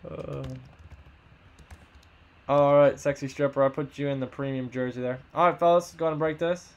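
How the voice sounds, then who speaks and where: A man hosting a live card box break, rattling off buyer names and teams in quick upbeat banter while losing his voice. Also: fairly high pitch, flat delivery, darkish tone, dull audio.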